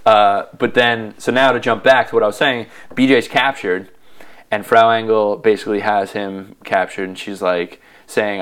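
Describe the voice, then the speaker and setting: Smooth-voiced man recapping a game. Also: fairly low pitch, steady tone, a bit bright. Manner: enthusiastic storytelling, acts out lines in quick voices. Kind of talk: casual chat recapping a video game.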